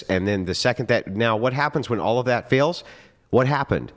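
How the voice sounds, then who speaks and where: A man's voice: mid-range voice, lively intonation, moderate pace. A man giving heated, profane commentary after a debate, emphatic and mocking.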